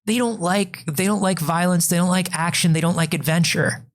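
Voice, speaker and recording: A man's voice: high-pitched, steady tone, normal speed. Rambling male podcast co-host. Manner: rambling, full of fillers and restarts, reads out statistics. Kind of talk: comedic casual chat.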